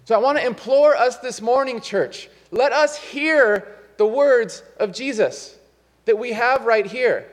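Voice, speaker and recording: High-voiced pastor in a ringing hall. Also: male voice, unhurried. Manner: conversational, self-deprecating storytelling. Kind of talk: sermon with a personal story. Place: church sanctuary.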